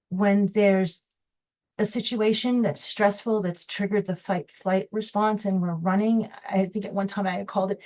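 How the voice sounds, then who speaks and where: A woman's voice: fairly low pitch, darkish tone. Chatty woman presenting a health webinar. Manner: conversational, restarts often, acts out quoted reactions. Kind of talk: informal educational webinar talk.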